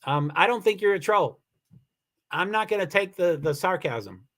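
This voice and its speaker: A man hosting his own livestream, reading viewer comments aloud in casual talk, halting with many restarts and turning firm and insistent. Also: sits high, expressive, a bit bright. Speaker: livestream host.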